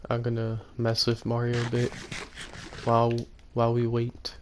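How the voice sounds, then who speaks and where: A man casually commenting on his own gameplay, rambling and correcting himself, often speaking quietly. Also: medium pitch, monotone, normal speed, slight background noise. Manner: rambling, self-correcting, soft-spoken. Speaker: gaming YouTuber.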